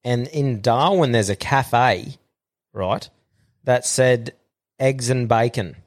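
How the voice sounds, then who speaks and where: Laid-back sweary Australian podcast host. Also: male voice, medium pitch, takes it slowly. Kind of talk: casual podcast chat.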